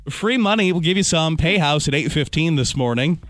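A man's voice: a little high, expressive, a little fast, fairly bright tone. A man hosting a morning radio show, bantering playfully and riffing on silly ideas. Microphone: studio microphone.

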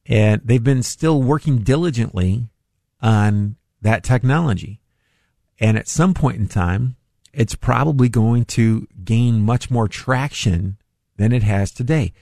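A man's voice: mid-range voice, darkish tone, dry recording. Older guy on talk radio, rambly and chuckly, dry studio sound. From Northeast Ohio. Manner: rambling, chuckling, self-deprecating. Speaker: radio talk show host. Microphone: studio microphone.

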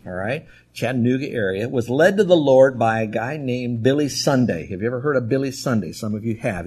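A man's voice: mid-range voice, slightly rough. A male pastor preaching a sermon in an emphatic, conversational storytelling manner.

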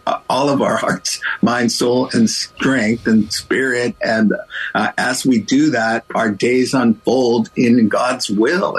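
A middle-aged male pastor telling a story as a guest in a radio interview, animated and playing out the voices of the people in it. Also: mid-range voice, slightly rough, low-quality recording.

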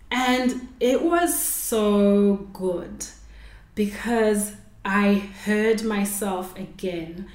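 A podcast host talks reflectively on her unscripted solo show, rambling and correcting herself as she goes. Her voice is mid-range, slow and a little mellow, in a roomy echo.

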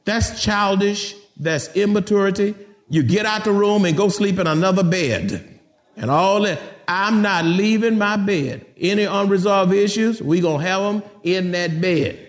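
A middle-aged man delivers a sermon as pastor, speaking a little slowly in a high-pitched voice. He addresses his congregation directly, animated and joking in a conversational manner.

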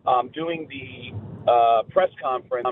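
A man's voice: mid-range voice, slow pace, slight background noise. Middle-aged male comedian guest, chatty and rambling, heard over a tinny phone. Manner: rambling storyteller, many fillers. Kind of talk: casual radio phone chat.

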